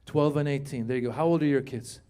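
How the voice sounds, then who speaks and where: A middle-aged man doing a stand-up comedy set on a theater stage, telling animated stories, acting out voices and chatting with the crowd. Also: medium pitch, fast talker, clear, resonant tone. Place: theater stage before a live audience. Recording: live room with audience laughter.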